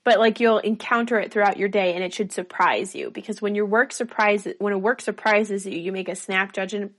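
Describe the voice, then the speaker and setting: Woman, podcast co-host, casual chat, relaxed, easy laughter. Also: medium pitch, brisk. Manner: relaxed, laughs easily, leads the segments.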